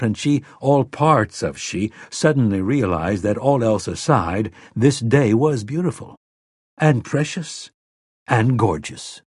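A male narrator reads the novel in a measured, expressive manner. His middle-pitched voice has a soft husky edge. The recording is close and dry, with no echo. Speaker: audiobook narrator. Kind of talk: scripted narration.

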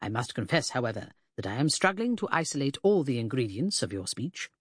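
A reader voicing a fussy, pompous Victorian gentleman detective who lectures precisely. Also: medium pitch, big pitch swings, brisk, breathy edge, no echo, clean studio sound. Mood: pedantic.

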